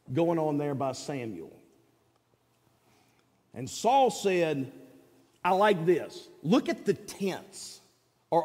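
Man preaching, high and very animated; chatty, quizzes the congregation; long hall echo. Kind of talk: sermon.

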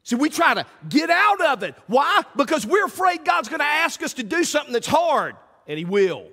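Animated preacher in a reverberant church. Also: male voice, extremely high pitch, moderate pace. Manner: animated preaching, swings from loud calls to hushed asides. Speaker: pastor. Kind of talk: sermon. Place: church sanctuary. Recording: church sanctuary with long reverb.

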